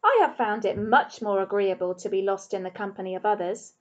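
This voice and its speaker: A woman reading the part of a big, bearded homeless man who talks to a dog and a toy rabbit in a courteous, gently teasing, wordy way. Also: mid-range voice, fairly quick, natural voice. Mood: gentle. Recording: dull lo-fi recording.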